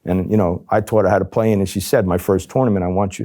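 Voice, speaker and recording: A man's voice: deep voice, fast. A middle-aged man from New Jersey, a former undercover agent, telling his story in an interview and acting out the voices of the people he quotes. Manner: animated, acts out quoted voices.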